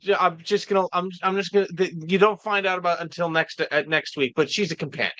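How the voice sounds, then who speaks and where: A man's voice: high-pitched, steady tone, fast, fairly bright tone, no room sound. A man guest in a casual chat, eagerly explaining and tripping over his words. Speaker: fan editor, guest.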